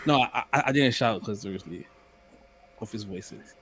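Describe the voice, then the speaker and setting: A young man co-hosting a podcast, telling stories in casual chat with animated repeats and restarts. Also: lowish voice, moderate pace, a little hiss or hum. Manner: animated storyteller, stammers and repeats words. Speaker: podcast co-host.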